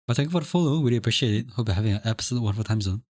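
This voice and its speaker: A man's voice: on the low side, animated, rapid-fire, darkish tone, no echo, clean studio sound. A young man from Singapore chatting casually on a live stream, reading chat aloud, rambling and repeating himself. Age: young adult. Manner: rambling, repeats phrases, chuckles often.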